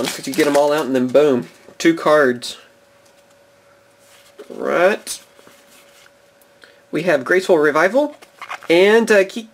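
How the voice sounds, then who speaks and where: A young man in his twenties hosting a casual card box-opening video, chatty and enthusiastic, chuckling often between remarks. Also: fairly high pitch. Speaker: card-collecting video host.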